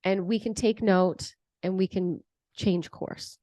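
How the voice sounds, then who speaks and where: A woman's voice: mid-range voice, takes it slowly, no room sound, clean studio sound. A young adult woman coaching on emotions, giving advice straight to the viewer and acting out examples. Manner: acts out parent voices in examples, animated. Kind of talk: advice talk to camera.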